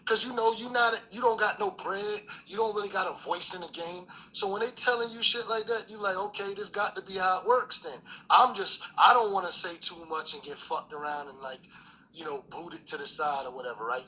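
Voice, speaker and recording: Bright-voiced man telling a story. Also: sits high, fairly quick, a little hiss or hum, rough recording. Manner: profane, laid-back street talk with many fillers. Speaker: guest storyteller. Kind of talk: casual storytelling chat.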